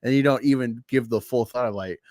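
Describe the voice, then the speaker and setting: A man's voice: mid-range voice, fairly quick, a little mellow, dry recording, clean studio sound. A man co-hosting a casual chat, talking bluntly and laughing often. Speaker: co-host.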